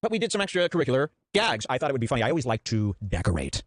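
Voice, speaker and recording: A man's voice: medium pitch, huge pitch swings, rapid-fire, no echo. A male podcast host rattles off a long story at breakneck speed, full of sarcastic asides. His voice sits in a middle range and sounds dry and close to the mic. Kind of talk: casual podcast commentary.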